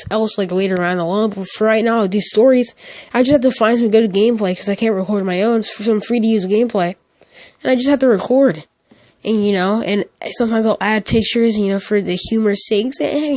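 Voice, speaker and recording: A man's voice: high voice, darkish tone, no room sound. A teenage boy telling a casual storytime, rambling with lots of fillers and restarts. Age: teens. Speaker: storytime YouTuber.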